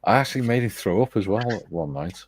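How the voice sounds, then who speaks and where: A man's voice: fairly low pitch, lively intonation, brisk, husky. A man, hosting a casual model-building chat and telling a rambling anecdote, laughing often as he goes. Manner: laughs often while storytelling, rambling with restarts.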